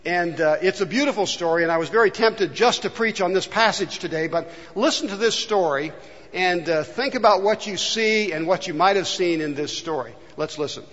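A man's voice: sits high, moderate pace, fairly bright tone. A man from California preaching a sermon, earnestly asking the congregation rhetorical questions. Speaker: pastor. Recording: dull, long reverb in a hall.

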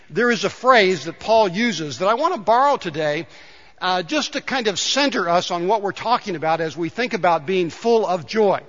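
Here a male pastor's high, somewhat bright voice fills the church sanctuary as he gives a conversational sermon, frequently questioning those in the pews. The recording has the dull reverberation typical of a church.

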